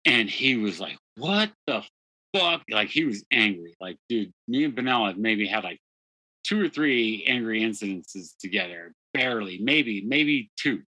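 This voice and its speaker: A man's voice: on the low side, animated, moderate pace, pushed and bright, no room sound, poor audio. A man, a podcast guest, telling a candid story with blunt, profane, self-deprecating talk and lots of "dude" and "like". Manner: frequent "dude" and "like" fillers.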